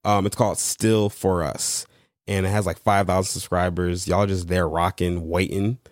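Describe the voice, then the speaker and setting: Playful low-voiced podcast co-host man. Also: moderate pace, dry recording, studio quality. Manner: playful, animated, teasing. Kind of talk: casual chat.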